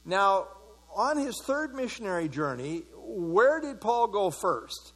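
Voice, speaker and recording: Male pastor, slightly high pitch, conversational Bible study teacher who quizzes his audience. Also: big pitch swings, takes it slowly, husky, faint music behind. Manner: conversational, asks the audience questions, many fillers.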